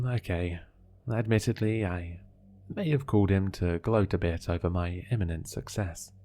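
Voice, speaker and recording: A man reads horror fiction in a deep, dark-toned voice with measured, steady pacing. Faint music plays softly behind his scripted narration.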